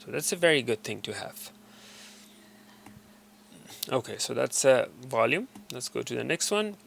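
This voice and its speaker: A man explains a gadget's menus one by one in an easy, unscripted way, stumbling over words and filling gaps with "uh." His voice has a gravelly rasp. Its tone is bright and forward. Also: medium pitch, very animated, moderate pace, slight background noise. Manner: loose, hesitant, full of uh and restarts. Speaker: tutorial presenter. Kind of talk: casual screen walkthrough.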